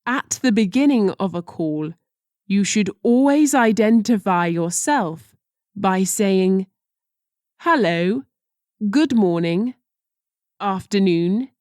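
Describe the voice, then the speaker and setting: Slow, careful woman reading phrases. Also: mid-range voice, animated, darkish tone, dry recording, studio quality. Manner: slow and deliberate, careful pronunciation. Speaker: language teacher.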